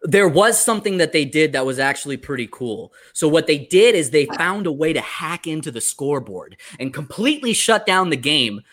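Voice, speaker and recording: A man's voice: fairly high pitch, sing-song, normal speed, hardly any pauses, a bit bright. A man joking in a laid-back way as a guest on a casual sports podcast. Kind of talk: casual chat.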